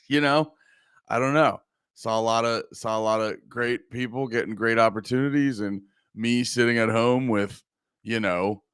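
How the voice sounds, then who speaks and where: A man's voice: medium pitch, fairly bright tone, clear, resonant tone, no room sound. Male podcast host, groggy, rambling and profane, reads chat aloud, dry close sound. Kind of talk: casual livestream chat.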